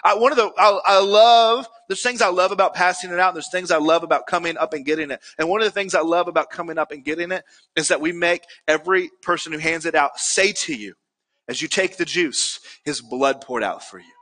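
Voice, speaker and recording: A man's voice: high-pitched, fairly quick, bright, forceful tone, big-room sound. A male pastor preaching a sermon earnestly, building to emphatic peaks.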